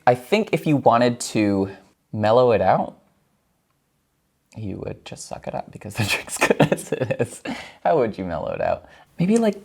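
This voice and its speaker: A man's voice: mid-range voice, gravelly, a little mellow, slightly rough. A man hosting a home cocktail show, chatting playfully as he mixes and tastes drinks and laughing often. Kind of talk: casual cocktail demo.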